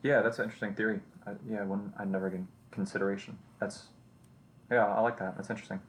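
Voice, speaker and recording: A man co-hosting a casual Christian conversation, telling a story with lively quoted voices. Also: fairly low pitch, fast. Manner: animated storyteller who acts out quoted voices.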